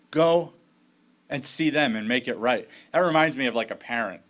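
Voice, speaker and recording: A man's voice: medium pitch, unhurried, a bit bright. A man preaching a sermon as pastor, in a conversational storytelling way with frequent restarts.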